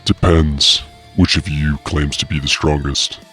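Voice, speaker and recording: A man's voice: rumbling low, steady tone, a little slow, a bit bright, faint music behind. A man voicing an arrogant male half-demon brother who speaks in curt, bold lines. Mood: defiant.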